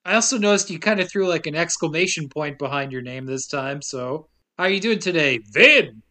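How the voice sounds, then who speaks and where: A man hosting a casual podcast, lively and laughing often. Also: fairly high pitch, fairly quick. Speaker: podcast host. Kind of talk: casual chat.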